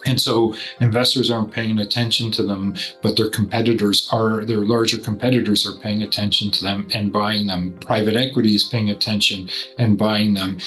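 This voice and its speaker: A man working as a portfolio manager, giving measured, explanatory investment commentary. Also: fairly low pitch, a bit bright, low-quality recording.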